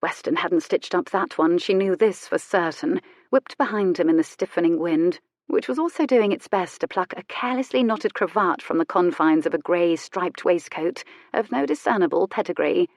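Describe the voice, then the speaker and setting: A woman narrating a historical romance audiobook in an expressive, measured storytelling manner. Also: fairly low pitch, no room sound, studio quality. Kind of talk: scripted narration.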